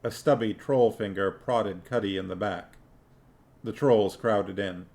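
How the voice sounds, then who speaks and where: A man reading a novel aloud on a stream, casually pausing to muse over word choices. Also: lowish voice, a little mellow.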